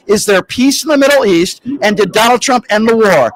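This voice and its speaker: A man hosting a call-in talk show, talking down to a caller in a slow, repetitive, insulting way. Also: high voice, sing-song, no room sound, rough recording.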